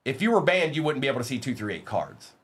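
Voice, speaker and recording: A man's voice: mid-range voice, big pitch swings, a bit bright. Guy running a card break livestream, talking to chat, voice bounces up and down a lot. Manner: talks to chat viewers by name, reads lists of names quickly. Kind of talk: casual live-stream chat.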